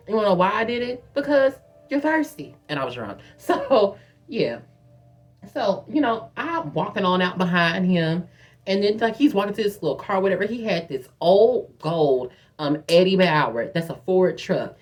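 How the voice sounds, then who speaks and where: A young woman tells a wild story to her phone camera in a loose, casual vlog. She swears freely and jumps into a higher voice when she quotes people. Her own speaking voice sits a little low for a woman. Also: moderate pace. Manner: animated, profane, acts out quotes in a higher voice. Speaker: vlogger telling a story.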